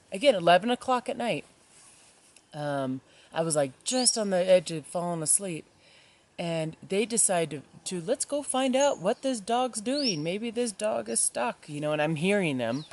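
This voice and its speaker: A woman's voice: lowish voice, a little hiss or hum. Chatty woman backpacker telling a story outdoors. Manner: chatty, many ums, acts out voices in retelling. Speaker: solo backpacking vlogger. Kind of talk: casual storytelling to camera. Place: outdoors at a forest campsite in the mountains.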